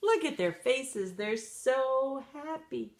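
A woman reading a picture book aloud to children, animated and stopping to ask her young listeners questions. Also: sits high, takes it slowly. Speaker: children's story reader.

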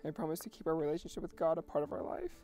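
Young guy reading wedding vows, teary and nervous-laughing, warm low-key voice. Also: very fast. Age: young adult. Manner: emotional, laughing nervously between lines. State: tearful. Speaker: groom.

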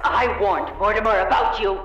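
A woman's voice: medium pitch, moderate pace, dull audio, soft background music, close to an everyday voice. A woman voicing a vengeful, threatening female villain in a video game, gloating and menacing. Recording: echoey, distant game voice.

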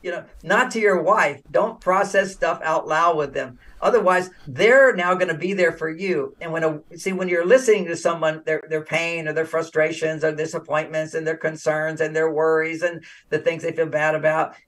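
Older man, interview guest, from the US, animated, acts out dialogue, high-pitched, slightly distant mic. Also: moderate pace, few pauses. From United States. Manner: animated, acts out quoted dialogue, laughs often. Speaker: relationship author, interview guest. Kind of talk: casual interview talk with storytelling.

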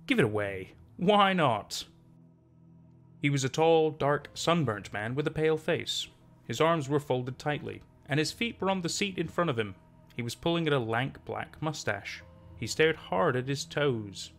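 A man narrating a classic short story in a measured storytelling manner. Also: fairly high pitch, lively intonation, fairly bright tone, faint music behind. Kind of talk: scripted narration.

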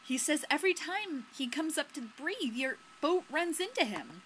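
A woman voicing an earnest young male diver in a video game, pleading quickly and sincerely. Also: high voice, sing-song, fairly bright tone, slight background noise, voice pushed up.

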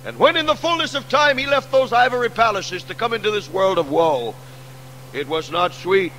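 A pastor preaching a sermon, repeating refrains, sinking quiet and then swelling into loud, rousing calls. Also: male voice, sits high, moderate pace, slight background noise, poor audio.

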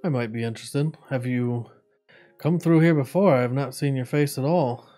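A man's voice: mid-range voice, normal speed, mellow, faint music behind, natural voice. A man voicing a sleepy, friendly shopkeeper who bargains shrewdly. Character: sleepy middle-aged male shopkeeper, friendly haggler.

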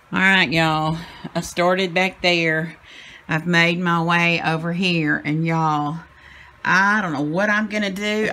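A woman's voice: on the low side, fairly bright tone, a little hiss or hum, low-quality recording. A middle-aged woman, chatting and rambling to her viewers in a casual home vlog. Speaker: vlogger. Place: at home indoors.

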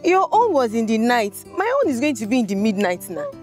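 An actress playing a cheerful young student with a Nigerian accent, excitable and grateful. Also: female voice, a little high, fairly quick, soft background music. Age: young adult.

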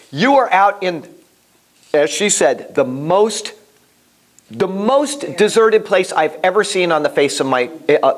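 A man teaching a Bible class in a casual, animated way, telling stories and often restarting his sentences. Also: fairly high pitch. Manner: animated, storytelling, repeats himself, many restarts.

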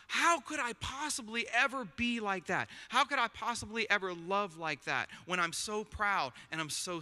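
A man's voice: high voice, sharp tone. A man preaching a sermon in a conversational, joking way, often checking in with his listeners by asking "right?". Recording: long hall reverb.

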